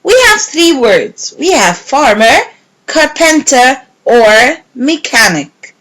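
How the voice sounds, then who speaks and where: A woman teacher giving a recorded English lesson to young pupils, repeating words slowly and clearly. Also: high-pitched, big pitch swings, a bit bright, rough recording. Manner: slow, clear, repeating words and clapping syllables.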